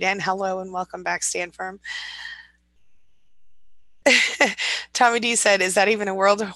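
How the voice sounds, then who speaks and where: A woman's voice: medium pitch, bright, forceful tone, no room sound, poor audio. A woman in her forties hosting a casual morning live chat, reading viewer comments aloud and laughing often.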